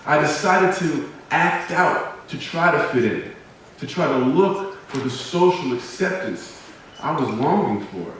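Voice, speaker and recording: A man giving a motivational speech, telling personal stories with humor and dramatic pauses. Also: on the high side, animated, fairly bright tone, slight background noise. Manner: humorous, self-deprecating storytelling with dramatic pauses. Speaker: motivational speaker. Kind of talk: personal storytelling speech to an audience. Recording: very echoey hall, voice from a distance.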